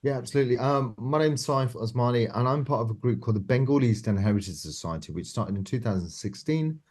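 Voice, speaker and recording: A man giving a brief self-introduction as a guest speaker on an online call, measured with some ums. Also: mid-range voice, lively intonation, darkish tone.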